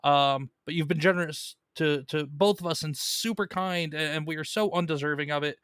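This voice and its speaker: A man's voice: on the high side, normal speed, fairly bright tone, smooth, dry recording, clean studio sound. A man hosting a casual live stream about comic books, chatting loosely and reading viewer messages, with plenty of fillers and restarts.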